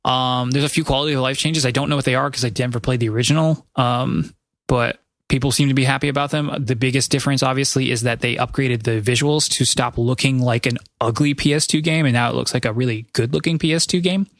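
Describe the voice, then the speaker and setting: A man's voice: medium pitch, steady tone, fast talker, dry recording. Male podcast host, mid-range voice, chatty and meandering with frequent self-corrections, dry mic. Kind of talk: casual chat.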